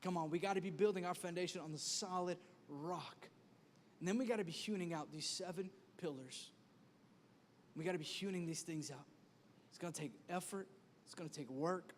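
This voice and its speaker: A man's voice: high-pitched, normal speed, slight background noise. A male pastor preaching a sermon with energy, using comic stories and repeated exhortations, in a church auditorium. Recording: echoey church hall.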